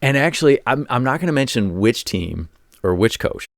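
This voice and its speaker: A man's voice: mid-range voice, big pitch swings, normal speed, creaky, no echo, studio quality. A man hosting his own show, telling casual sports stories as a former college coach, rambling and often repeating his words. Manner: rambling, repeats words, acts out quoted voices. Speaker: show host. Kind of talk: casual commentary monologue.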